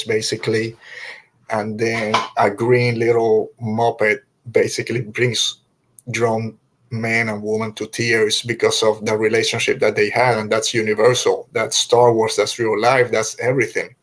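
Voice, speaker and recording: A middle-aged man hosting a podcast, reviewing an episode in an emotional, heartfelt way, sighing and restarting his sentences as he gets choked up. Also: medium pitch. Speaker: podcast host.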